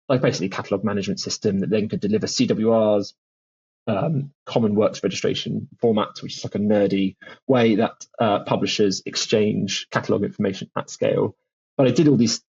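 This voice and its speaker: A man's voice: fairly low pitch, darkish tone, slightly rough, lo-fi sound. A man, a music publishing founder, telling stories in a chatty podcast interview with lots of restarts and fillers. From England.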